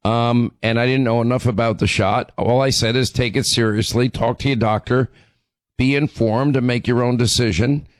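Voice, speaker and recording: A middle-aged man hosting a radio talk show, hoarse from losing his voice, talking emphatically and often restarting his sentences. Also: mid-range voice, dry recording. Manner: emphatic, repeats words as he restarts.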